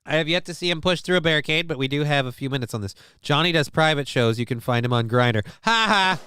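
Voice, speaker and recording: Bright, crisp-voiced male streamer. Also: a little high, expressive, quick pace, hardly any pauses. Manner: crude joking, reading chat aloud. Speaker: livestream host. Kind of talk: casual livestream commentary.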